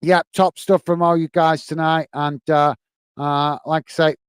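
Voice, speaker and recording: A man's voice: fairly high pitch, little pitch movement, a little slow, clean tone, no echo. A tired man hosting a football live stream, reading viewer comments and signing off friendly with lots of fillers. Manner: friendly, repetitive sign-offs, many fillers. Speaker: football channel host.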